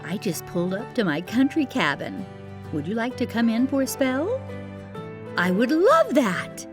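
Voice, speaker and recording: A woman hosting a children's storytime, narrating in a gentle, theatrical and reassuring way. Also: a little high, big pitch swings, unhurried, music in the background. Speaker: storyteller host.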